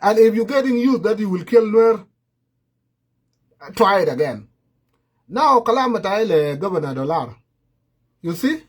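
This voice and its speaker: A man's voice: high-pitched, expressive, measured pace, long pauses, husky. A man giving impassioned political commentary, repeating his warnings.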